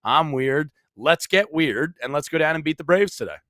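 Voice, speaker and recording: A man's voice: a little high, expressive, normal speed, sharp tone, no room sound, studio quality. A man co-hosting a casual sports show, goofy and playful, hyping things up.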